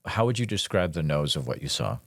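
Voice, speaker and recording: A man hosting a podcast, asking methodical, detailed questions and giving soft acknowledgements between them. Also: very deep voice, sing-song, brisk, no echo, studio quality. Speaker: podcast host, interviewer. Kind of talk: calm interview questioning.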